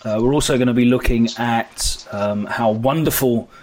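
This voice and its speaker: A young man hosting a laid-back podcast, his voice sitting in an ordinary middle range. He talks in a relaxed, chatty way, full of ums and uhs, as he steers the conversation. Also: medium pitch, normal speed. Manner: relaxed, chatty, frequent filler words. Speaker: podcast host. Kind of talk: casual podcast chat.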